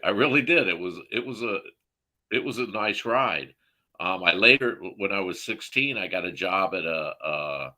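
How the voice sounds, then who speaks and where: Bright-voiced man telling rowdy stories. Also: lowish voice. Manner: profane, laughing storyteller. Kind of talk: casual chat.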